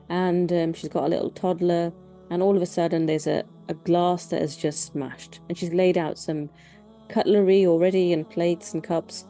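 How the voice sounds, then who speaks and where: A woman giving a calm, measured talk on parenting, explaining things gently and reflectively. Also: lowish voice. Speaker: parenting educator.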